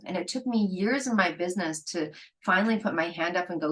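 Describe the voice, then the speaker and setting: A middle-aged woman with a fairly low voice talks fairly quickly on a rough recording. Hosting a solo podcast, she speaks candidly and conversationally, sometimes acting out what her friends said.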